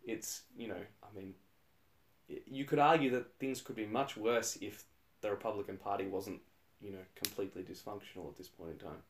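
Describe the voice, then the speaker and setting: A man's voice: on the low side, fairly quick. A man co-hosting a casual podcast, arguing his point with lots of hedges and fillers. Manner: hedging, argumentative, filler-laden. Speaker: podcast co-host.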